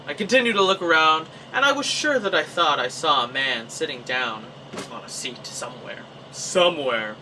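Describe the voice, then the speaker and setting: Animated young man telling a story. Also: on the high side, normal speed, recorded from a distance, background noise. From Canada. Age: young adult. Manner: animated, acts out his own reactions. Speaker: vlogger. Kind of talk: casual storytelling.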